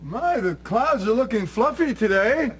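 Guy doing a whiny scheming sitcom dad, high jumpy voice, hum in the background. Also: lively intonation, fast, lightly acted. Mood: exasperated. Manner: loud, exasperated, yelling bursts. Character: lazy scheming middle-aged husband, grumbling. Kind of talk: sitcom acting.

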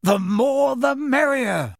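A man reading aloud, voicing a boisterous, hearty grown man who speaks loudly. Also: very high voice, expressive, measured pace, vocal fry, no echo, clean studio sound, pitched above the performer's own voice, exaggerated voice. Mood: exuberant. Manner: loud and hearty.

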